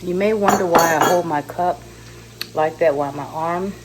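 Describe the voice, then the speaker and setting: Speaking at a moderate pace with a fairly low pitch, a middle-aged woman from California talks to camera for her vlog. She rambles along, laughing at herself, going from her car, with background car noise, into her home kitchen.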